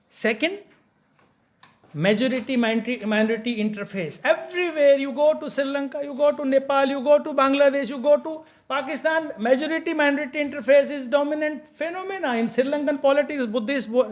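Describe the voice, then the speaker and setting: A man giving an academic conference lecture, emphatic and halting, with frequent restarts. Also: extremely high pitch. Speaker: conference speaker.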